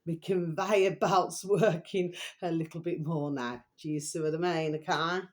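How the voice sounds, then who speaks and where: A woman's voice: deep voice, steady tone, measured pace, a little mellow. A middle-aged woman, chatting unrehearsed to camera in a rambling, meandering way. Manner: rambling, keeps repeating a pet phrase to viewers. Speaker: vlogger. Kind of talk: casual unrehearsed chat to camera.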